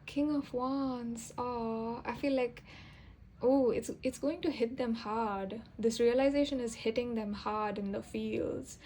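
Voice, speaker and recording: A woman's voice: a little high, steady tone, takes it slowly, warm tone, slight background noise, low-quality recording. A young woman giving a casual tarot reading to camera, chatty and rambling, with fillers and self-corrections. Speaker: tarot reader.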